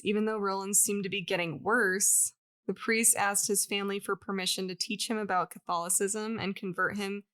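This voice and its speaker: A woman's voice: mid-range voice, a bit bright. A woman co-hosting a podcast, telling a story in casual chat with frequent laughs and fillers. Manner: chatty, laughs often, many likes. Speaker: podcast co-host.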